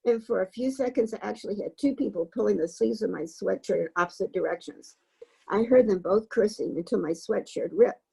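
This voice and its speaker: A woman reading a novel aloud for a book club, in a gravelly, husky voice. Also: medium pitch, a little fast, mellow, poor audio.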